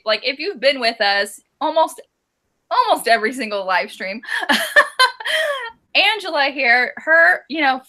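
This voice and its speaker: Bright, high-voiced gushing woman. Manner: gushing, affectionate, laughs a lot. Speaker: book club livestream co-host. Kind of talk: casual chat.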